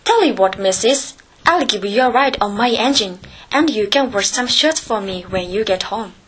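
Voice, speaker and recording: A woman's voice: mid-range voice, expressive, moderate pace, fairly bright tone, husky. A woman voicing a kind but stern male train engine driver in a children's story. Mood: kindly. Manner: firm, down-to-earth storytelling voice.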